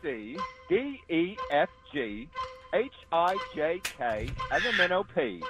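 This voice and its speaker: A man's voice: fairly high pitch, big pitch swings, slow, over loud music. A man calling in to a radio game, reciting in a hammy mock British accent. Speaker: radio contest caller. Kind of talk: game show call-in.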